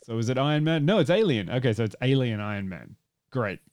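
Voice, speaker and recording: A man's voice: mid-range voice, animated, fast talker, darkish tone. A man co-hosting a casual movie podcast, rambling, with many restarts and fillers and some swearing. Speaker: podcast co-host.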